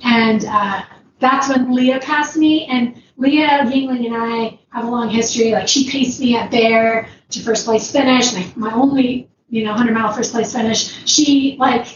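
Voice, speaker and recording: At a measured pace, with a voice on the high side and fairly even intonation, a woman ultrarunner guest rambles through a long personal story, laughing frequently and using "like" and other fillers a lot. The sound is distant, roomy and dull, with background noise.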